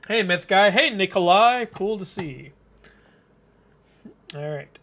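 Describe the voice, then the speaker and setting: A man's voice: high-pitched, expressive, takes it slowly, vocal fry, bright, forceful tone. A man hosting a live comic reading, chatting casually, joking and laughing often. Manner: chatty, laughs often, jokes about the story. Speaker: host reading a webcomic live. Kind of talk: casual live-stream commentary.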